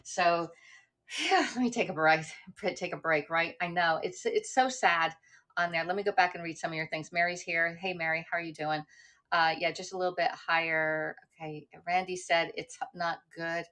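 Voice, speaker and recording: A middle-aged woman chatting on her own livestream, wandering from one thought to the next. Her voice sits a little low. She talks loosely and informally, with plenty of ums and self-corrections. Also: steady tone, normal speed, fairly bright tone. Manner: rambling, chatty, with many fillers and restarts. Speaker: livestream host. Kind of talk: casual livestream chat.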